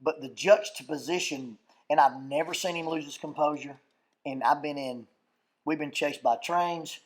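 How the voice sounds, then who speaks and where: A man in casual panel chat, telling stories with animated delivery and fancy words. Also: a little high, moderate pace. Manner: animated storyteller who reaches for fancy words. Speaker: skit troupe member on a panel.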